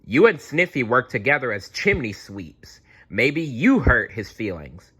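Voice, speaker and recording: A man's voice: mid-range voice, big pitch swings, measured pace, sharp tone, breathy edge, exaggerated voice. A man reading aloud and voicing a pompous, bumbling male detective in a grand, self-important manner. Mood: accusing.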